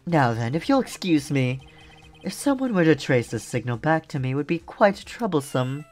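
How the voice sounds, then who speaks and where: A man voicing a courteous, polite assassin with soft menace. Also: on the high side, big pitch swings, soft background music, pitched above the performer's own voice. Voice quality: measured, mannered politeness. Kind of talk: reading game dialogue aloud.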